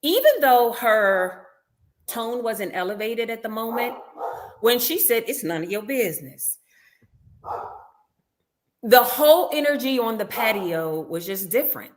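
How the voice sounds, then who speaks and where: Over crowd noise, a woman from a reality show cast tells a story as a casual interview guest, voicing other people's lines with animation. She speaks at a fairly high pitch, expressively and without hurry.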